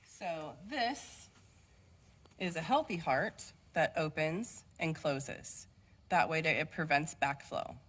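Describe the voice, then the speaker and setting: A woman's voice: deep voice, animated, slow pace, a bit bright, poor audio. A young adult woman, a nursing student, giving a class presentation and explaining step by step with occasional fillers. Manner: explanatory, walks through steps with occasional fillers.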